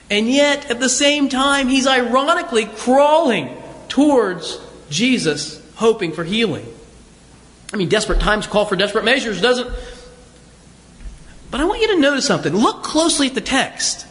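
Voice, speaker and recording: A man's voice: very high voice, lively intonation, moderate pace, a bit bright, big-room sound. A man preaching a sermon as pastor, talking conversationally with rhetorical questions and repeated words.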